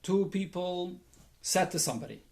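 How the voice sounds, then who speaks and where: High-voiced rabbi teaching the Talmud. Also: male voice, lively intonation, normal speed, darkish tone. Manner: reads Aramaic text and explains it in English with Yiddish and Hebrew terms; thinks aloud, with restarts and fillers. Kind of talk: Talmud study lesson.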